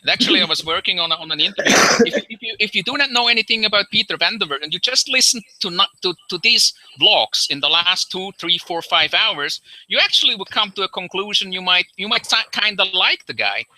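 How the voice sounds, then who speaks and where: A man's voice: high voice, expressive, brisk, hardly any pauses, sharp tone, rough recording. A man in a casual group chat, blunt and profane, often restarting and repeating himself. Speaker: livestream chat participant.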